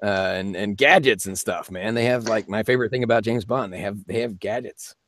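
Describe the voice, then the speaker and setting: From his home studio, a male voice actor hosts a relaxed live-stream Q&A, firing back quick answers to chat questions, joking and laughing a lot. His voice is lowish and a bit bright.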